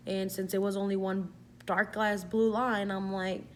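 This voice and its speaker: A woman's voice: medium pitch, level tone, a little slow, a little hiss or hum. Young woman vlogger, chatty and profane. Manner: chatty, swears freely, fills with "like". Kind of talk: casual storytelling.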